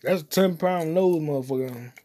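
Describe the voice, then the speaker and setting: A man hosting his own solo comedy podcast, cursing often and rambling while he eats popcorn, his voice swinging between loud outbursts and mutters. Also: normal speed, slight background noise. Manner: profane, loud swings in volume and pitch; eating popcorn while talking. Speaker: podcast host.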